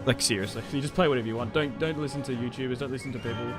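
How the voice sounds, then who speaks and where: A man's voice: medium pitch, racing, music in the background. Easygoing young Australian man, chatty. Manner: rambling and easygoing, with many fillers and restarts. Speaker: streamer. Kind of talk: casual livestream chat while playing a strategy game.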